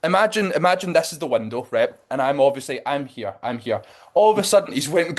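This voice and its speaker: A young man co-hosting a podcast, telling a story in a lively, sweary way and acting out what people said. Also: a little high, fairly quick. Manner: animated storytelling with lots of swearing and acted-out quotes. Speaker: podcast co-host. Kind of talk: casual chat.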